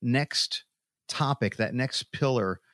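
A man's voice: medium pitch, slow pace, fairly bright tone, no room sound, studio quality. A man hosting a Christian talk show, asking his guest questions in an earnest, reflective way. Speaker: host. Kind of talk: faith talk show conversation.

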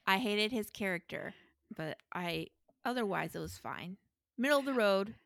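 Woman, podcast co-host, frank, laughs often, mid-pitched voice, dry close recording. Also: animated, unhurried, vocal fry, a bit bright, dry recording. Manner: frank, laughs between remarks. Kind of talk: casual movie review chat.

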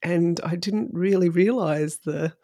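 Slow, thoughtful woman podcast host. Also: on the low side, warm tone, dry recording, clean studio sound. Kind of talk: reflective conversational interview.

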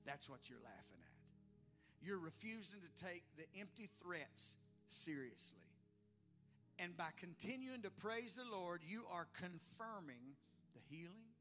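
A male preacher with a very high, bright, forceful voice delivers an animated sermon. He laughs often, acts out the voices he quotes and builds to loud, exclamatory praise, with faint music behind him. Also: measured pace.

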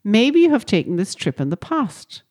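A woman's voice: mid-range voice, sing-song, normal speed, darkish tone. A woman hosting a podcast, reading scripted narration in a friendly way and often asking listeners questions. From Ireland. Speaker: podcast host.

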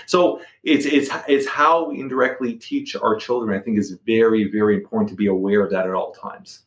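A man's voice: lowish voice, fast talker, hardly any pauses, roomy sound. A middle-aged man telling a personal story as a podcast guest. He talks casually, repeats words and restarts sentences.

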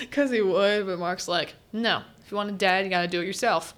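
Student podcast host, young woman, casual and giggly, average pitch. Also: steady tone, brisk, few pauses, a bit bright. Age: teens. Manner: chatty, laughs often, quotes characters in little voices. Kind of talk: casual solo recap chat.

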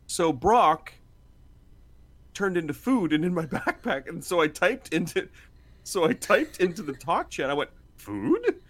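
A man's voice: a little high, lively intonation, a little slow, a bit bright, no echo. A man telling a story in casual chat, laughing often, swearing freely and acting out the lines.

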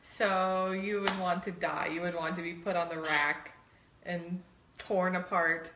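A woman's voice: lowish voice, flat delivery, unhurried, echoey room, background noise. A middle-aged woman co-hosting a playful couples quiz game, teasing and laughing often. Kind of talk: casual chat.

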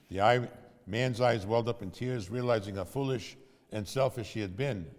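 A man's voice: fairly low pitch, moderate pace, long reverb tail. A man preaching in storytelling style, conversational and asking his audience questions. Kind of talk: sermon storytelling.

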